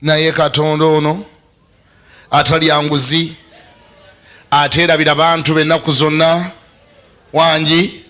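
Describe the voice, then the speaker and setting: Bishop, man, fairly high and bright voice, lively sermon with laughter and sudden shouts. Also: unhurried, pauses often. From Uganda. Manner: animated, laughing, bursts into shouts.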